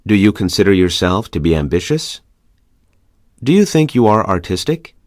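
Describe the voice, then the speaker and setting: A lower-voiced man reads conversation questions aloud for a language course, his pitch rising and falling widely with each question. The delivery is measured and clear. The sound is close and dry, with no room around it. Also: sing-song, a little mellow, dry recording. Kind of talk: scripted reading of practice questions.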